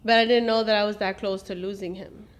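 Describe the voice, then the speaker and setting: A woman's voice: mid-range voice, steady tone, quick pace, slight background noise. A middle-aged mother talking through family memories, switching into Spanish and acting out what people said. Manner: switches into Spanish, acts out quotes. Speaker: mother and host. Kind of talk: emotional family reminiscing.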